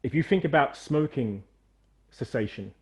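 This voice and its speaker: A middle-aged man coaching a movement demonstration over a video call, animated and encouraging, straining on repeated counts. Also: mid-range voice, moderate pace. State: out of breath after exercise. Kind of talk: energetic guided demonstration.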